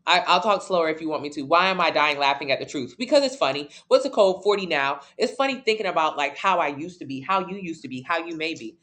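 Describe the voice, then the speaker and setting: A woman's voice: low-pitched, expressive, fast talker, hardly any pauses, fairly bright tone. A blunt woman coach talking straight to her viewers on a live stream. She leans on repetition to hammer points home, loose and slangy, close to the mic. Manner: blunt, emphatic, repeats key points; casual slang-heavy talk. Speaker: fitness coach.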